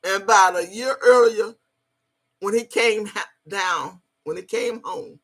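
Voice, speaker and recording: A woman telling a personal story in a casual, animated way, swearing freely as she goes. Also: mid-range voice, measured pace.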